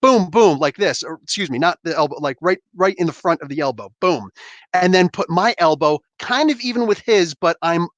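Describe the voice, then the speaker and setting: A man hosting a livestream who tells a story in a casual, animated way, full of fillers and acted-out sound effects. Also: a little high, a little fast, few pauses, dry recording, muffled recording. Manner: animated, acts out scenes with sound effects and quoted outbursts; filler-heavy, keeps asking "you know what I'm saying". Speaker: livestream host. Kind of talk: casual storytelling to a live audience.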